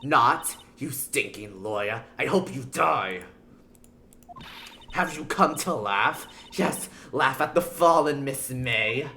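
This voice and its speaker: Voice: mid-range voice, animated, slow pace, bright, forceful tone, a little hiss or hum, full character voice. A streamer voicing a rude, scornful young woman witness in a game, reading the lines aloud with taunting, sneering insults.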